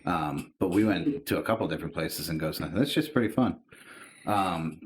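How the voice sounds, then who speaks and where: A man's voice: sits low, animated, normal speed. A man co-hosting a podcast, telling rambling, profane stories in casual chat. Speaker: podcast co-host.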